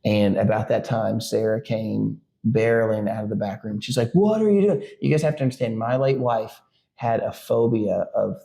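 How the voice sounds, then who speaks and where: A man's voice: lowish voice, flat delivery, moderate pace, gravelly, warm tone. A middle-aged man, a podcast co-host and father, telling a family story in casual chat, rambling with lots of fillers and restarts. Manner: rambling, full of likes and restarts.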